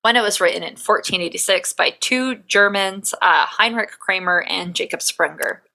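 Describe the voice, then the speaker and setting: A woman's voice: medium pitch, moderate pace, creaky, bright, forceful tone. A young woman co-hosting a podcast in casual chat, chatty and joking as she retells history. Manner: chatty, laughs often, mixes history with jokes. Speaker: podcast co-host.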